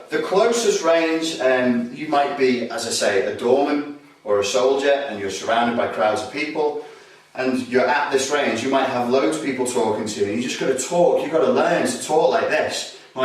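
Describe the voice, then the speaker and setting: A man teaching self-defense, acting out aggressive street talk in loud bursts between explanations. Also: medium pitch, recorded from a distance. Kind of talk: demonstration lesson. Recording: roomy echo, voice from off-mic.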